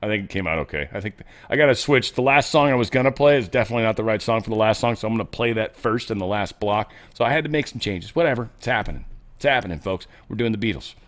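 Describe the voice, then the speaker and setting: A man hosting a solo commentary show, talking casually and sarcastically, swinging between loud outbursts and muttered asides. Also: lowish voice, quick pace. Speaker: host of a political commentary show.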